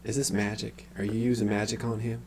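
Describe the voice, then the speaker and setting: Man doing a townswoman, higher voice, hesitant, polite, stammering, faint hum. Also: expressive, normal speed, lightly acted. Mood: wary. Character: puzzled middle-aged female town shopkeeper, later cold killer.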